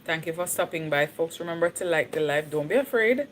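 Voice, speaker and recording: A woman's voice: sits low, animated, a little fast, a little hiss or hum. A Jamaican woman chatting casually on her livestream, slipping into patois and laughing easily. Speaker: livestream host.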